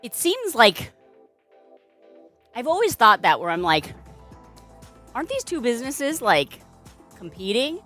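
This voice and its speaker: A young woman streaming from home, chatting in a playful, sing-song way. Her voice sits a touch high and swoops widely as she drawls along slowly. Soft music hums faintly in the background. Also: big pitch swings. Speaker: streamer and balloon artist. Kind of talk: casual live-stream chat.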